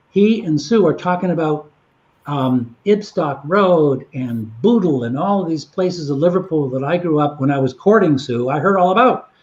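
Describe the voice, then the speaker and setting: A man's voice: a little high, a little mellow, lo-fi sound. A man telling long anecdotes in a casual chat. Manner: rambling anecdotal storytelling. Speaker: guest storyteller.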